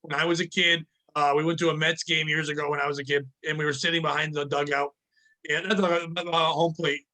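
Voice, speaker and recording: High, bright-voiced profane podcast host. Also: male voice, quick pace. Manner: profane, animated, ranting. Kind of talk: casual comedic podcast chat, ad read.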